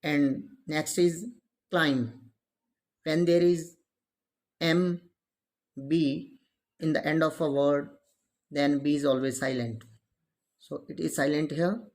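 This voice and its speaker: English teacher guy, takes it really slow, explains each rule step by step. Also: a little high, steady tone, a little mellow. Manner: explains slowly, step by step, with Hindi glosses. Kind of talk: classroom lesson on pronunciation.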